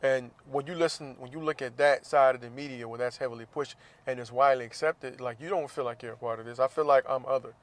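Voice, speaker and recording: A man's voice: mid-range voice, fairly even intonation, fast, few pauses. A man hosting a podcast, talking in a blunt, profane, casual monologue and laughing between points. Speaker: podcast host.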